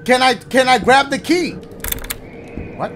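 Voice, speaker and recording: Lively, high-voiced joking gamer man. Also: measured pace, a little hiss or hum. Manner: joking, profane running reactions, yelps when startled. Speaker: gaming channel host. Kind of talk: casual let's-play commentary.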